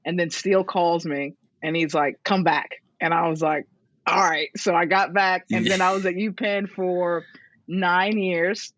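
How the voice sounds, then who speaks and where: A woman's voice: fairly low pitch, unhurried, no room sound. A woman in her thirties, a strength coach telling stories in a casual interview, acting out other people's lines with laughter. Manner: lively, acts out others' words in a raised voice, laughs often. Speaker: strength and conditioning coach, guest. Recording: dull, dry lo-fi audio.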